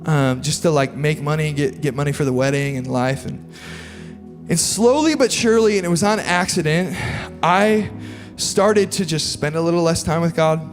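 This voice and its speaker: A young male pastor preaches with earnest, confessional feeling that swells into impassioned appeals. His voice sits a little high. It carries the long reverb of a big church hall, with soft music playing behind him. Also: moderate pace. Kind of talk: sermon with personal story. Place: large church auditorium.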